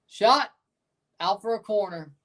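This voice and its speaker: A woman hosting a live football watchalong, chatting casually and giving strong opinions, breaking into excited shouts at big moments. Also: mid-range voice, unhurried. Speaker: watchalong host. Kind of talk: live match reaction commentary.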